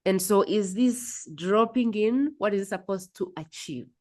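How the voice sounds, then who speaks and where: A woman's voice: mid-range voice, unhurried. A woman with a Ugandan accent hosting a podcast, musing aloud and often humming in agreement. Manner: thoughtful, musing aloud, frequent hums of agreement. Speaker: podcast host. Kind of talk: reflective interview conversation.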